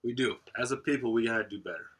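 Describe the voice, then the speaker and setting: A man co-hosting a podcast in casual chat, profane and animated, laughing often. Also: mid-range voice, racing, slightly rough. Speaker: podcast co-host.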